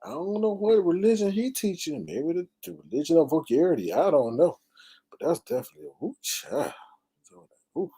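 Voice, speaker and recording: A man's voice: a little high, sing-song, fairly quick, gravelly, dark tone, slightly rough. A man hosting a casual gossip commentary show, talking in a sassy, exclamatory way with dramatic asides. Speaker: commentary channel host.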